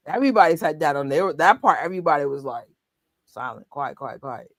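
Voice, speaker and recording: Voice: mid-range voice, very animated, moderate pace, a bit bright, no echo. A co-host in casual chat, telling stories animatedly with laughter and quoted reactions.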